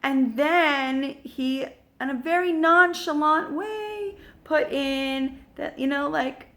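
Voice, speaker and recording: A woman giving casual parenting advice, talking in a lively way and acting out short bits of dialogue, with plenty of fillers. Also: high-pitched, slow. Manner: animated, acts out little dialogues, many fillers. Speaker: parenting coach. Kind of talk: casual advice talk to camera.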